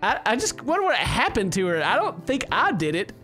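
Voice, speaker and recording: A man's voice: high-pitched, huge pitch swings, fairly quick, bright, forceful tone, soft background music. A man doing let's-play commentary, rambling, laughing often and hamming up mock-romantic lines to a game character. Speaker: gaming YouTuber.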